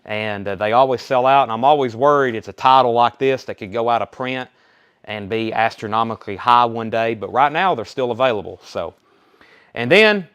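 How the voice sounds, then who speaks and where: A man's voice: medium pitch, fairly bright tone, clear, resonant tone. A young man hosting a live record sale stream, chatting casually while he rattles off album titles and prices.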